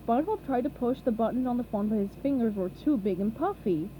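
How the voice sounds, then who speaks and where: A woman narrates a children's storybook with animated expression. Her voice is high and mellow. Her pitch moves a great deal. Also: a little fast, hardly any pauses, slight background noise, low-quality recording. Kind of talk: storybook reading.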